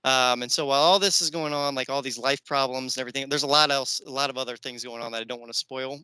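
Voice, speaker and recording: A man's voice: mid-range voice, fairly even intonation, quick pace, bright, forceful tone, clear, resonant tone, no room sound, low-quality recording. A man hosting a podcast, chatting casually and enthusiastically about movies with plenty of fillers. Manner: enthusiastic, rambling with many fillers. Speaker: podcast host.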